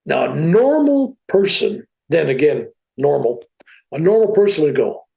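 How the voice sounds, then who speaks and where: A man, a podcast guest, telling a personal story in a casual, animated, plain-spoken way. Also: on the high side, normal speed, gravelly, rough recording.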